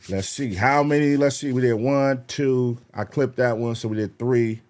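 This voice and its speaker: A young man hosts a live reaction stream in a mid-pitched voice. He talks loosely and profanely, laughs easily and runs through shout-outs to his chat. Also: normal speed, few pauses.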